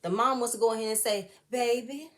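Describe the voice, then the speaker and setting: A woman's voice: on the high side, fairly even intonation, racing. A woman giving a blunt, fired-up, profane recap and review of a reality show episode. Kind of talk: casual opinionated recap.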